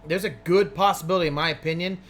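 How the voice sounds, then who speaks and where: A man's voice: on the high side, quick pace, a bit bright. A man co-hosting a sports talk show, reading out viewer comments and chatting casually. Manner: reads comments, chatty and agreeable.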